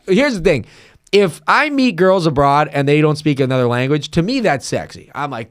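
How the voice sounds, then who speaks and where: A man's voice: a little high, moderate pace, clean tone, no echo, studio quality. A young man hosting a casual podcast, telling stories and acting out quotes. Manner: animated storyteller, acting out quotes. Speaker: podcast host. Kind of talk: casual chat.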